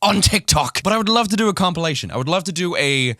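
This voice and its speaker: Animated, ranting man with lively pitch. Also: fast, dry recording, clean studio sound. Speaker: YouTuber. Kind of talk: reaction vlog ranting.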